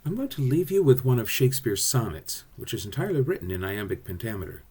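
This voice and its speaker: A man teaching a recorded drama lesson, explaining verse in an expressive way. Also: medium pitch, fast talker, slightly rough.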